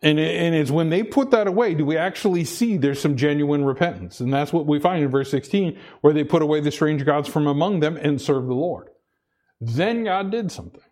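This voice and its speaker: A man's voice: fairly high pitch, a little fast, few pauses, a little mellow. A man preaching a sermon, earnest, repeating himself and restarting phrases as he presses his point. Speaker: pastor.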